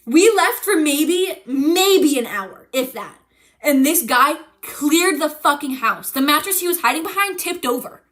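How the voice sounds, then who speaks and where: A young woman streamer telling a story in casual chat, animated and profane, acting out the voices of the people she quotes. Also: high voice, unhurried.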